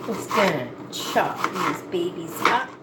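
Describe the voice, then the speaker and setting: A cooking vlogger from Nova Scotia, Canada, speaks slowly and expressively in a lowish voice while cooking in her home kitchen. Her casual chat is rambling, folksy and self-mocking. The kitchen sounds echoey, with pots, dishes and clatter in the background.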